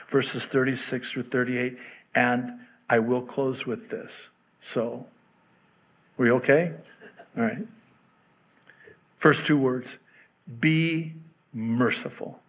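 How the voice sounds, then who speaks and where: A middle-aged man preaching a sermon as pastor, conversational and joking, acting out the voices in his stories. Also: mid-range voice. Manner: conversational and joking, acts out quotes.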